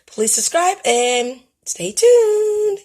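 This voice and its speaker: A woman hosting her own craft channel, chatting excitedly and self-deprecatingly to viewers in a casual unboxing vlog. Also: mid-range voice, brisk, husky. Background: people upstairs making noise.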